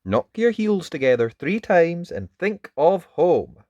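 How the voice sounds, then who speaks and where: A man doing a gentle old wizard. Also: on the high side, sing-song, takes it slowly, no echo, lo-fi sound, pitched above the performer's own voice. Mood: kindly. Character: kindly wise old male wizard. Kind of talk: storybook read-aloud.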